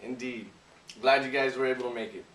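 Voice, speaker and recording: A man's voice: medium pitch, fairly even intonation, brisk, a bit bright. Easygoing man in an echoey room. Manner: easygoing, talks while eating. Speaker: show host. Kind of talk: casual news chat. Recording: echoey room, far from the mic, faint noise.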